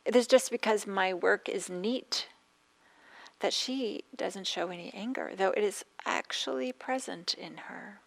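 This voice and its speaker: A woman's voice: mid-range voice, measured pace, gravelly, fairly bright tone. A woman putting on the voice of a young housemaid who talks hesitantly and with a stammer. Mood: musing. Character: young housemaid, timid then aggrieved.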